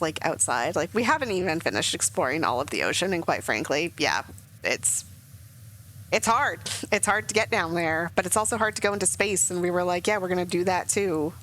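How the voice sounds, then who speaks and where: A woman's voice: low voice, a bit bright, slight background noise, poor audio. A young woman streaming a game, chatting casually and emotionally with lots of fillers. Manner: rambling, emotional, many fillers. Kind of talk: casual gameplay commentary.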